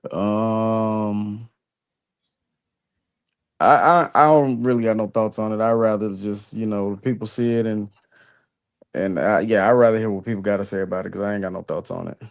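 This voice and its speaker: A male poet who answers quietly and reluctantly. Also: lowish voice, fairly even intonation, normal speed, creaky, clear, resonant tone.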